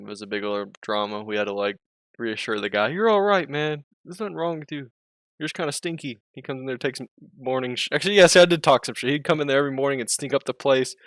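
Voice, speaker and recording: A man's voice: mid-range voice, vocal fry, a bit bright, no room sound, studio quality. A man streaming and chatting casually, rambling, interrupting himself, swearing and laughing often.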